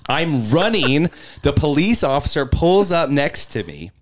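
A man's voice: on the high side, a little hiss or hum. A man guesting on a podcast, telling a story with lots of energy and laughter and acting out what people said. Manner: energetic, laughs often, acts out quotes; fast, filler-heavy delivery with "literally" and "like". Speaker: podcast guest, stadium in-game host. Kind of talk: animated storytelling in a podcast conversation.

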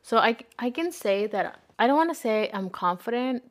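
A woman's voice: fairly high pitch, lively intonation, normal speed, noisy background. A woman talking in a casual chat, chatty and full of "like", often breaking into laughter.

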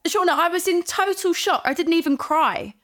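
A young woman chatting casually on a podcast, animated and giggly, acting out moments from her story. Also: extremely high pitch, moderate pace. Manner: animated, giggly, acts out what people said. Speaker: podcast co-host. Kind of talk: casual chat.

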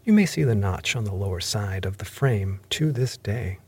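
A man narrating a classic adventure novel in measured, scripted storytelling, sometimes dropping into half-whispered phrases. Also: fairly low pitch, lively intonation, a little mellow, husky. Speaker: audiobook narrator.

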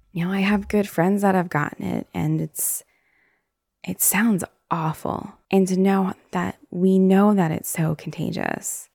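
Low gravelly-voiced young woman venting. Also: a little mellow, no room sound, studio quality. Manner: frank and exasperated, swears often, trails off with "like". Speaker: former grocery store worker. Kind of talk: casual chat.

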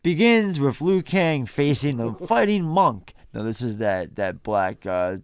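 Dude summarizing a movie on a podcast, gravelly, pretty dry mic sound. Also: male voice, mid-range voice, sing-song, unhurried, no echo. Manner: laid-back, wry, recapping. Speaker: podcast co-host. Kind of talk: casual plot recap.

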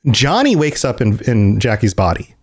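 A man co-hosts a casual podcast in a medium-pitched, sing-song voice at a moderate pace. His chat rambles with many restarts, and he laughs as he acts out scenes.

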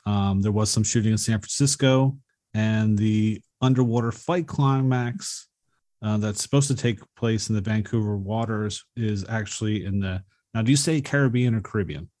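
A man co-hosting a movie podcast, reading out production facts and box office numbers at an even pace. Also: on the low side, no room sound. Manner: measured, fact-reciting delivery. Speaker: podcast co-host. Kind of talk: reading film trivia in casual chat.

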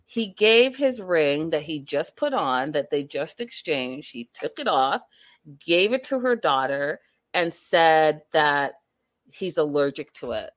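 A woman talks in a sassy, exasperated way, repeating her points for emphasis. Her voice sits a little low and sounds close and dry. She reads viewer chat and reacts in a loose, casual style. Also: animated, slow, a bit bright, no room sound. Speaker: commentator reacting to a reality show. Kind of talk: casual live commentary reading chat.

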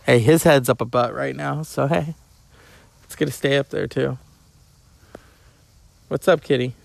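Middle-aged male host; gravelly, a touch high, loose profane banter. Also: a little slow, long pauses, no room sound. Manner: profane, joking, chatting to his cat. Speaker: podcast host. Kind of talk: casual rambling monologue.

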